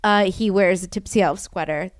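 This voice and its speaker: Young female podcast host, filler-heavy casual chat, crisp and dry. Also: medium pitch, moderate pace, no echo. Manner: chatty, filler-heavy with lots of "like".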